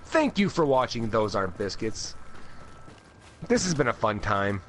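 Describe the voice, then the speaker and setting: A man co-hosting a casual pop-culture podcast, joking around and quick to laugh. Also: lowish voice, very animated, a bit bright, slight background noise. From North America. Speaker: podcast co-host.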